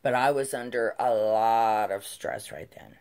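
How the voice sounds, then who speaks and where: Middle-aged woman, very deep voice, slow unhurried delivery, blunt storyteller who swears. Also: darkish tone. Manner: blunt, swears freely, laughs while telling. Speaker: vlogger. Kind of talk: casual storytelling.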